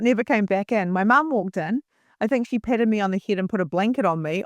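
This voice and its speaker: A middle-aged woman, a spiritual mentor appearing as a podcast guest, tells a personal story earnestly and emotionally, often restarting. She has a medium-pitched voice, talks fast, and is captured in studio quality with no echo.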